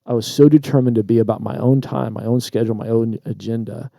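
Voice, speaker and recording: A man co-hosting a podcast, casually telling a personal story with lively asides and repeated words. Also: mid-range voice, fast talker, creaky, dry recording, clean studio sound. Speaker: podcast co-host. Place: Traverse City, Michigan.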